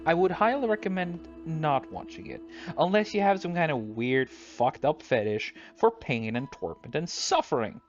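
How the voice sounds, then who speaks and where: A man's voice: on the high side, lively intonation, normal speed, highs cut off. A man hosting a casual chat while drawing, ranting in exasperation and swearing freely. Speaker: host. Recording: music playing underneath.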